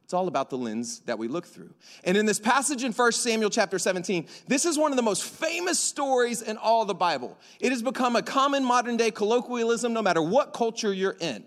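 A man preaching a sermon to a church congregation, animated and joking, acting out dialogue in slang. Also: high-pitched, brisk, few pauses. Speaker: pastor. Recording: long hall reverb.

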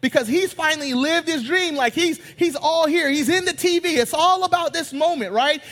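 Brief: male pastor, lively and joking, high voice, long hall reverb. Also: moderate pace, few pauses. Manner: animated, joking, retells scenes in character voices. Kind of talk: sermon. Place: church sanctuary.

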